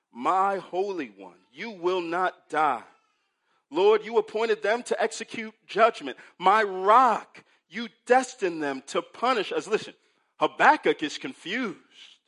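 A man preaching a sermon, moving from hushed, low passages to loud, emphatic ones, and often checking in with the listeners with "right?". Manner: asks the congregation "right?" often. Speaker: pastor.

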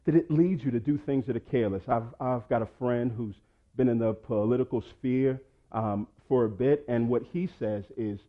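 Emphatic preacher man, muffled recording. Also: normal speed. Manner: emphatic, swings between loud urging and low quiet asides. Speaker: pastor. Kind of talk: sermon.

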